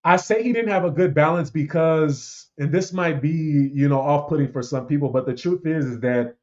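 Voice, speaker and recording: Preachy man with a higher voice, lo-fi. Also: moderate pace, darkish tone. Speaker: podcast host. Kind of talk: opinionated casual commentary.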